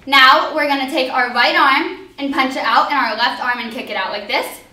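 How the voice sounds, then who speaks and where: A woman's voice: high voice, normal speed, bright, forceful tone. A young woman teaching a line dance step by step, upbeat and counting out the moves. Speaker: dance instructor. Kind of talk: instructional dance walkthrough. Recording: echoey hall, voice from far off.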